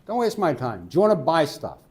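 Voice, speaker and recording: A man voicing a gruff, impatient middle-aged fruit seller who speaks bluntly and curtly. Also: a little high, wildly swooping pitch, fast, pitched above the performer's own voice. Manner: blunt and curt.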